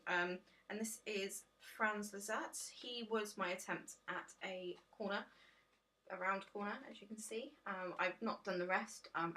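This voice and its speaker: Woman, tired home vlogger, bright clear voice, chatty and rambling with lots of ums. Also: mid-range voice. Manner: chatty, rambling, self-deprecating, many ums. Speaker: tarot vlogger. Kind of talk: casual deck reveal chat.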